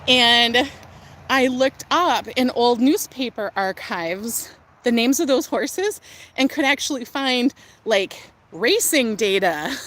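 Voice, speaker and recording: A young woman chats and gushes as she walks her farm outdoors, voice sitting a little high. She talks into a phone held in hand, trailing off into fillers and little laughs. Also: fairly bright tone. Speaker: livestream host. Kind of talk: casual livestream tour.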